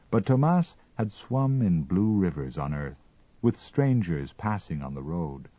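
Deep, husky male storyteller. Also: warm tone, dry recording, muffled recording. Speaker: narrator. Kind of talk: audiobook reading.

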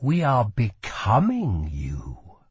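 A man voicing a shadowy male magic being in a storybook reading, speaking slowly and coldly with menace. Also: on the low side, huge pitch swings, a little mellow, breathy edge, no echo, exaggerated voice. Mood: menacing. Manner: slow, cold, menacing.

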